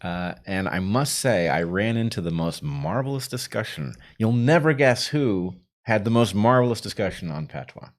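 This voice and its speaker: Man, very deep voice, wry playful podcast co-host, casual livestream talk. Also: expressive, moderate pace, few pauses.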